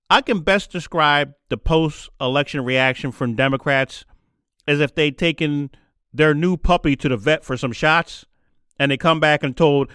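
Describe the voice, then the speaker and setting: A man's voice: moderate pace, fairly bright tone, smooth, dry recording, clean studio sound. A man hosting a podcast, delivering a sarcastic opinionated monologue. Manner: sarcastic, mocks others in shrill put-on voices. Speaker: podcast host.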